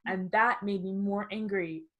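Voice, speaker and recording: A woman in her twenties co-hosting a podcast, telling a personal story in a casual, animated way, laughing often and acting out what people said. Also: medium pitch, unhurried, phone-quality sound. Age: 20s. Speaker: podcast co-host.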